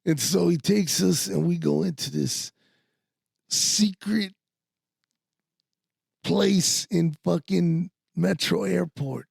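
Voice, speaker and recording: A man's voice: high-pitched, takes it slowly, creaky, long pauses, darkish tone, slightly rough, no room sound, clean studio sound. A man co-hosting a talk podcast, telling casual stories in a profane, rambling way full of fillers. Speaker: podcast co-host. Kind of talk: casual storytelling.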